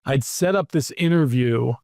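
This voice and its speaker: A man hosting an interview, telling lively anecdotes about his PR career and acting out the quotes. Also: medium pitch, moderate pace, creaky, no echo, studio quality. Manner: animated anecdotes, acts out quotes. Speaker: podcast host, PR executive. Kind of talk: casual storytelling interview.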